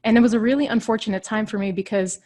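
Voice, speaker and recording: A woman's voice: fairly high pitch, steady tone, fast, a little mellow. Earnest woman coach telling her story. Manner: earnest, heartfelt, shifting tempo while recounting. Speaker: leadership coach. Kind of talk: motivational personal storytelling.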